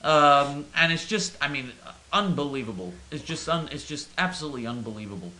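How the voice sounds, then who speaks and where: A man with a very bright, fairly high voice rambles through a comic rant, tripping over his words and restarting in mock-earnest outrage. He sounds as if he is in a roomy, echoing space with faint hiss behind him. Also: expressive, brisk. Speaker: comedic caller in character. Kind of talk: comic monologue in character.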